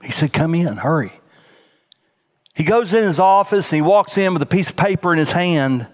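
A man preaching a sermon as senior pastor, dropping to a hushed near-whisper on tender points and rising in pitch as he tells a story. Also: animated, normal speed.

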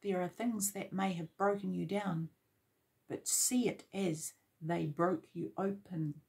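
A woman giving a tarot reading at an unhurried pace. She urges the listener on and repeats her points, addressing them directly. Her voice sits a little low for a woman. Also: steady tone, gravelly, darkish tone. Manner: encouraging, repetitive, direct address. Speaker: tarot reader.

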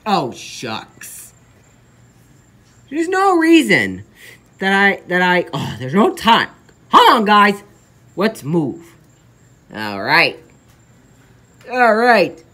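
Woman voicing every plush toy character. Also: fairly bright tone. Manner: jumps between many character voices, high and low. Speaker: plush toy video maker.

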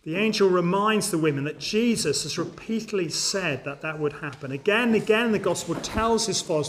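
A man's voice: high voice, brisk, few pauses, slight background noise. A man preaching an Easter sermon in church, earnest and emphatic, speaking straight to his congregation. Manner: earnest, emphatic, addresses listeners directly. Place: church service.

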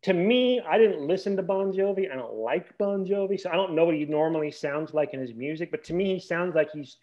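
A man co-hosting a casual podcast, his voice pitched a bit high. He rants with animated indignation and trips over his own restarts. The sound is slightly dull and lo-fi. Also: fairly quick. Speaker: podcast co-host. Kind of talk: casual chat.

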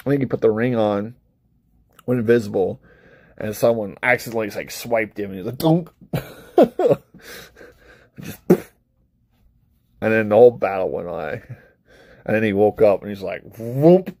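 A man rambles casually to camera in a mellow, warm voice, swearing freely and laughing often between thoughts. The sound is dry and close, with no room around it. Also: on the low side, a little slow, gravelly, long pauses, no echo. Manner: rambling and profane, with frequent laughs and acted-out asides. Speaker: vlogger reviewing books and films; parent of a young child. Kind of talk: casual unscripted chat to camera.

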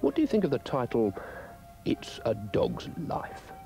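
A man's voice: mid-range voice, wildly swooping pitch, measured pace, gravelly, mellow, faint music behind, pitched above the performer's own voice, exaggerated voice. A man voicing a pompous, self-important male dog who muses loftily about writing his memoirs. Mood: lofty. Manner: lofty, self-satisfied musing.

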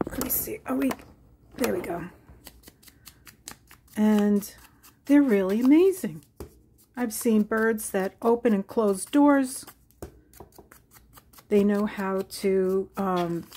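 A woman hosting a casual crafting tutorial, musing aloud at an unhurried pace as she works and sometimes dropping into soft whispers. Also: mid-range voice. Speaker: crafting channel host. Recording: faint background noise.

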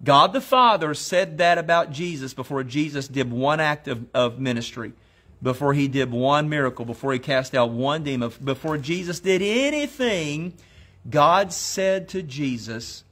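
Guy preaching a sermon, kinda high voice, gets folks to say stuff out loud after him. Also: lively intonation. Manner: exhorting, leads the congregation in spoken declarations; quotes scripture in slow, emphatic phrases.

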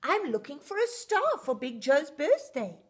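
Woman playing an eager little girl rocket. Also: a little slow. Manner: excited, high and bright.

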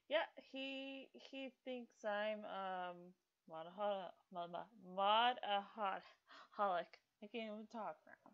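A woman in her middle range talks unhurriedly through her gameplay, filling gaps with ums and stopping to scold her characters out loud. The recording is dull and lo-fi, like a basic home mic. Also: medium pitch. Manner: rambling with many fillers, scolds game characters aloud. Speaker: gaming video host. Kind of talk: casual gameplay commentary.

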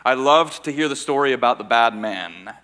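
A man raised in Austria giving a conference talk to a live audience, telling a story in an earnest, measured way with dramatic pauses. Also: mid-range voice, lively intonation, pushed and bright. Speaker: conference speaker. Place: large church hall.

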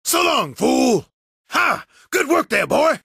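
A man voicing a rowdy tough-guy brawler who shouts taunts in street slang and speaks of himself in the third person. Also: extremely high pitch, very animated, slow, no room sound, clean studio sound, heavily acted. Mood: taunting. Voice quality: gravelly.

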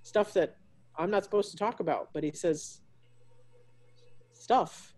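A woman's voice: on the low side, a little slow, a little mellow. A woman author chatting effusively with guests over a video call from her home. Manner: effusive, gushing over pets. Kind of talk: casual chat on a video call. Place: at home, alone.

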